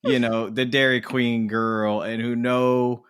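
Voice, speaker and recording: A man's voice: medium pitch, clean tone. A man co-hosting a podcast, chatting casually and animatedly about films. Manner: animated, swings into quick put-on voices. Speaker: podcast co-host. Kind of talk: casual film discussion.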